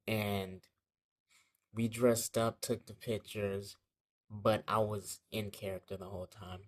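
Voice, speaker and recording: A man's voice: lowish voice, little pitch movement, slow. A young man telling a childhood story in a casual vlog, rambling and slangy, with lots of fillers and swearing.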